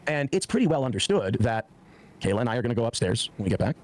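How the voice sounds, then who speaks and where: A man's voice: medium pitch, big pitch swings, fast talker, a little mellow. A man in his forties telling a heated personal story on a podcast, swearing often and acting out what others said. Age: 40s. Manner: profane, heated, acts out quoted speech.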